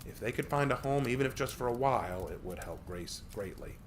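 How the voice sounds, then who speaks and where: A man streaming a reading of his own story, narrating with lively delivery and the odd slip. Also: mid-range voice, a little fast, a little hiss or hum. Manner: lively reading, some slips and restarts.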